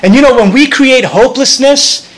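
Guy preaching, kinda high voice, earnest and chatty, keeps restarting sentences. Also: moderate pace, fairly bright tone, poor audio. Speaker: pastor. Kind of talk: sermon.

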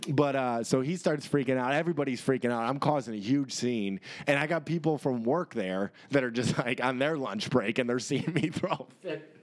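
A young man in his twenties on a casual podcast, telling a profane story with plenty of energy. His voice sits in an ordinary middle pitch for a man, and he slips into quick impressions of the people he talks about. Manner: animated, swearing, acts out the people in his stories. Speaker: podcast co-host.

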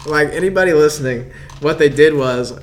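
A man's voice: a little high, moderate pace, slight background noise. A young man from the American South hosting a podcast, chatting casually and rambling with lots of fillers. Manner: rambling, filler-heavy storytelling. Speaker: podcast host. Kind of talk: casual chat.

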